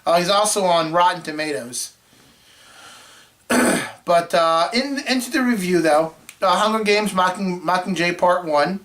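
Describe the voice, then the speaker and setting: A man co-hosting a movie review show, telling a rambling story in casual chat and clearing his throat often. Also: sits high, measured pace, a bit bright. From Florida.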